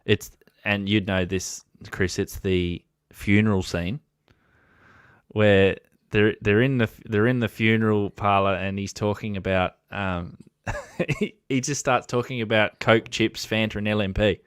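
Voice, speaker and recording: Australian man hosting, smooth lowish voice. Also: measured pace, no echo, studio quality. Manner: laughs often, joking banter, reads out chat comments. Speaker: host of a ham radio channel. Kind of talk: casual live-stream chat.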